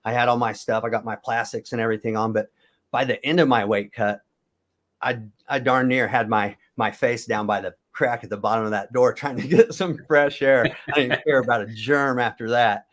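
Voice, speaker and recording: A man's voice: mid-range voice, fairly even intonation, moderate pace, fairly bright tone. A middle-aged man from the United States, a former wrestler, telling stories in a casual interview, rambling and correcting himself as he goes. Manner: rambling, self-correcting, chuckles at his own stories. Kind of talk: casual storytelling.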